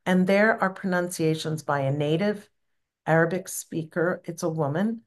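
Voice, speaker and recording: A woman teaching a gentle devotional practice, explaining sacred words and leading the group in a repeated chant. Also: on the low side. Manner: gentle, unhurried, encouraging. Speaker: spiritual teacher.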